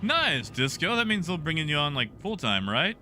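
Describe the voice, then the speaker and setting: A man's voice: on the high side, sing-song, normal speed, pushed and bright, a little hiss or hum. A man streaming a game and chatting casually with live viewers, joking and riffing on their messages from his home setup.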